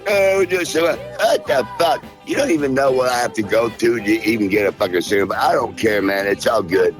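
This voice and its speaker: A middle-aged man hosting a podcast, griping and rambling in profane, gruff comedic banter. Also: fairly low pitch, fairly quick, faint music behind. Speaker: podcast host.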